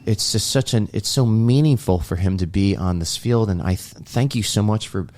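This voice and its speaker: A man's voice: fairly low pitch, normal speed, darkish tone. Earnest man retelling a film scene. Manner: earnest, reflective storyteller acting out quoted lines. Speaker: podcast co-host. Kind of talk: casual podcast chat, retelling a film scene.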